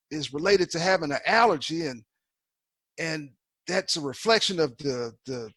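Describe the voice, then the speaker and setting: A man's voice: high-pitched, fairly bright tone, no room sound. A man giving a folksy, conversational continuing-education lecture to eye doctors, often repeating himself.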